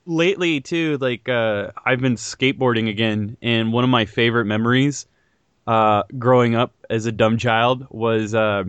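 Podcast guy, smooth voice, jokey and loose, swears a lot, dry close mic. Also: mid-range voice, moderate pace, no room sound, muffled recording. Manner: joking, animated, swears freely. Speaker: podcast host. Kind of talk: casual chat.

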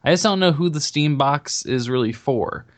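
A man co-hosting a casual podcast. He talks in a relaxed, halting way, often stumbling over repeated words as he works out his point. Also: fairly high pitch. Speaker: podcast co-host.

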